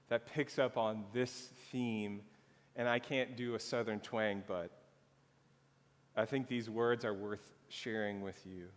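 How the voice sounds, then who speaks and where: A man pastor preaching a sermon slowly and earnestly, drawing out his phrases. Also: lowish voice. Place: church sanctuary. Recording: long reverb of a church hall.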